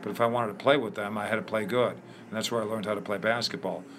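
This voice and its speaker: An older man from Chicago, a guest in an interview, telling lively anecdotes with many fillers. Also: fairly low pitch, quick pace, background noise. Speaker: interview guest, former ballplayer. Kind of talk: storytelling in a conversation.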